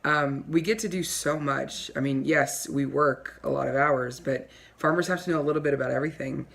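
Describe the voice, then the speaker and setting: A woman's voice: rumbling low, steady tone, brisk, creaky, fairly bright tone. Earnest woman dairy farmer. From Pennsylvania, USA. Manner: earnest, friendly, matter-of-fact. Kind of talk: casual explaining in a comedy sketch.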